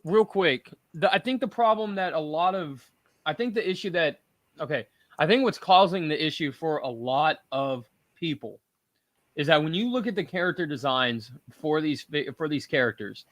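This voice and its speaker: Give me a bright, forceful male host on a dry mic, ranting emphatically in casual chat. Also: on the high side, lively intonation, normal speed, no echo. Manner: emphatic, rambling rants. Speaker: podcast host.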